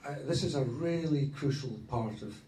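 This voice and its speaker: A man co-leading a marriage course, talking informally to a group of couples in a good-humoured, halting way and laughing often. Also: medium pitch, warm tone. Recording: roomy hall, distant mic, faint noise.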